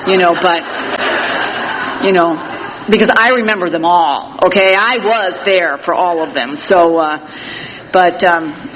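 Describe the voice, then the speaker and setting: A woman's voice: on the low side, a little slow, long pauses. A middle-aged woman speaks frankly at a recovery meeting, peppering her story with "you know" and dry jokes at her own expense. Her voice rings out in a reverberant hall. The recording is a little muffled, with faint hiss underneath. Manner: candid, plain-spoken, wry self-mocking humor; frequent "you know" fillers. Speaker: Al-Anon speaker. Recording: reverberant hall, slightly dull audio with faint noise.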